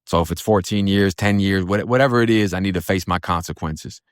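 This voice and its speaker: A man's voice: sits low, fairly quick, dry recording, clean studio sound. A man telling his own story in a casual, blunt, profane way of talking, slipping into acted voices when he quotes others. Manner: blunt, profane street talk. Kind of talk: casual first-person storytelling.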